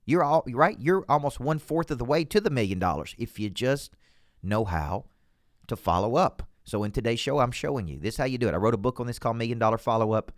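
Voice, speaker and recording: A man with a Southern US accent, a business coach hosting a motivational show from a studio, talking in a folksy, punchy, energetic way. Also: mid-range voice, fast talker, dry recording. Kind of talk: motivational talk to camera.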